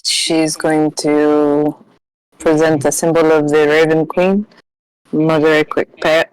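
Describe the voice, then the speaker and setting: A woman's voice: low voice, little pitch movement, slow, a little mellow, smooth, no echo, rough recording. A woman playing a tabletop game, describing her character's actions in a rambling way. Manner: rambling, says like a lot. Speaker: player.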